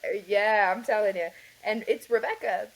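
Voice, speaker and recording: In a conversational podcast interview, a woman sincerely rambles through her own story, sprinkling in fillers and light laughter. She speaks at a moderate pace with a medium-pitched voice, and the recording quality is low.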